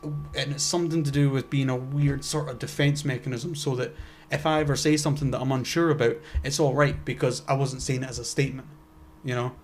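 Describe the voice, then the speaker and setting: A man's voice: medium pitch, steady tone, brisk, hardly any pauses. A young man, co-hosting a casual podcast chat and rambling with lots of restarts and swearing. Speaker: podcast co-host.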